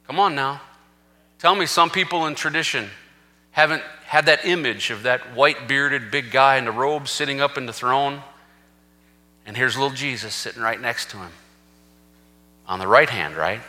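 A man's voice: mid-range voice, moderate pace, long pauses, pushed and bright. A man preaching a sermon as senior pastor, emphatic and reading scripture aloud with rising force. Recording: reverberant hall.

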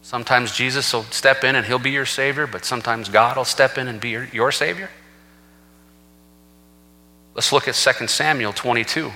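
A man's voice: medium pitch, normal speed, pauses often, bright, forceful tone. A man preaching a sermon as senior pastor, emphatic and reading scripture aloud with rising force. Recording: reverberant hall.

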